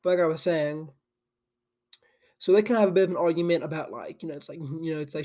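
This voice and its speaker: A young man recorded at his desk, in a slightly high voice. He talks in a loose, sleepy ramble, and his thoughts keep looping back on themselves. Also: fast, pauses often, warm tone. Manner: loose and chatty, full of "like" and restarts. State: sleepy and yawning. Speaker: anime channel host. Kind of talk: casual rambling retelling. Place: home desk with a camera.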